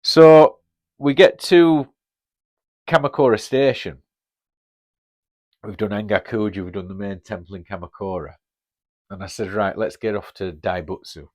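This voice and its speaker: A man's voice: lowish voice, a little slow, pauses often, darkish tone. A man in his fifties with a Northern English accent, telling a casual story on his podcast in a chatty, blunt way and swearing freely. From Northern England. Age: 50s. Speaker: podcast host.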